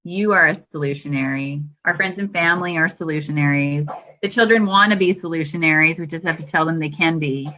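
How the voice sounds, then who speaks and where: A woman's voice: deep voice, a little fast, a little hiss or hum. Enthusiastic woman host, dull lo-fi sound. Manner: enthusiastic, spiritual. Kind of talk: casual chat.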